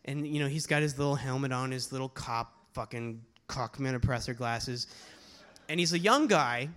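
A man, a touring slam poet, telling a comic story live on stage, animated and casually profane. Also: medium pitch, clean tone. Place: poetry slam venue, live audience.

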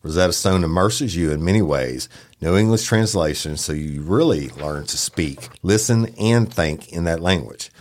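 Male announcer, low register, upbeat promo read. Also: normal speed, a little mellow. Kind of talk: scripted ad read.

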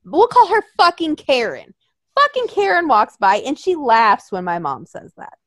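A woman's voice: high-pitched, huge pitch swings, moderate pace, a bit bright, dry recording, studio quality. A young woman telling a story in casual chat, swearing often and acting out quotes in voices.

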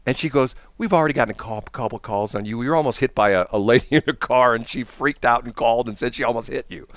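A man's voice: mid-range voice, fast talker, dry recording. A man hosting a morning radio show, telling a rambling story with frequent laughs, from the Midwestern United States. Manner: rambling, animated, laughs often. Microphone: studio microphone.

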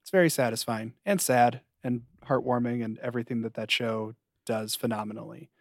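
A man co-hosting a podcast, talking with playful enthusiasm and quick asides. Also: mid-range voice, fairly even intonation, no echo, studio quality. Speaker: podcast co-host. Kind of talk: casual chat.

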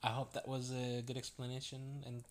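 A man's voice: medium pitch, completely flat delivery, normal speed. A man in a casual couple's chat, speaking in an easygoing way and often hedging with "you know".

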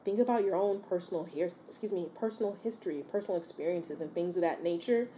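Warm-voiced woman hosting a casual podcast. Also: fairly low pitch, fast talker, slight background noise. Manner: encouraging, checks in with listeners often; chatty and informal. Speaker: podcast host. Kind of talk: casual solo podcast talk.

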